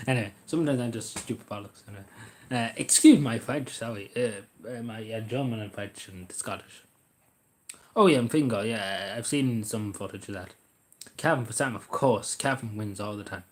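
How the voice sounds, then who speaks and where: A man's voice: mid-range voice, normal speed, a little hiss or hum. Man, livestream host, rambling, sarcastic, casual chat at a desk mic. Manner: rambling, sarcastic, jokey asides.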